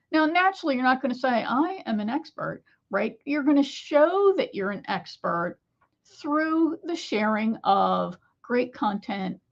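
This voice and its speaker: A woman business coach talking to camera, telling a client story with animated, lively asides. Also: mid-range voice, lo-fi sound. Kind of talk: solo talk to camera.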